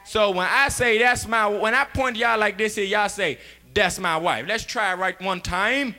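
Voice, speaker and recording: Young male stand-up comic, high bright voice, loud and rowdy, laughs through his bits. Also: moderate pace. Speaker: stand-up comedian. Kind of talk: stand-up comedy set.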